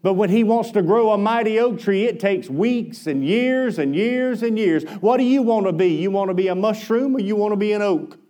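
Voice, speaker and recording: A man with a high-pitched voice preaches a sermon. He tells homespun stories in a lively, folksy way, dropping quick asides as he goes. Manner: folksy, animated storytelling with asides. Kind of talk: sermon storytelling.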